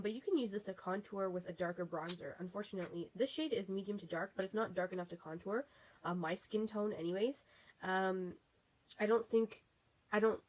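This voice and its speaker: A young woman talks through her favorite beauty products in a relaxed, chatty vlog. Her voice is stuffy and congested from a cold, and she fills pauses with ums and starts sentences over. Her pitch sits at an ordinary middle height. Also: rough recording. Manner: chatty, many ums and restarts. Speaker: beauty vlogger. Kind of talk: casual product review.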